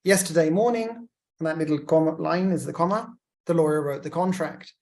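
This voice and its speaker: Speaking a little fast in a slightly mellow, mid-range voice, a legal writing lecturer explains step by step. Example sentences are read aloud with each punctuation mark named, mixed with chatty asides to students.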